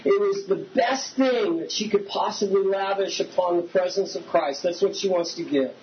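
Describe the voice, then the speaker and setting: A man's voice: sits high, moderate pace. A man preaching a conversational sermon as pastor, often asking the congregation questions. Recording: slightly dull recording with faint hiss.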